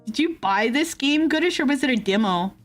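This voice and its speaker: A woman's voice: high voice, expressive, fairly quick, faint music behind. A young woman streamer chatting casually with her viewers, giggling often and answering chat messages. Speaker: VTuber streamer.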